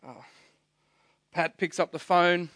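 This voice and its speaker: A man's voice: high-pitched, level tone, slow, fairly bright tone, dry recording, clean studio sound. A man preaching a sermon, telling stories earnestly and often restarting his words. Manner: earnest storytelling, stammering restarts. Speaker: pastor.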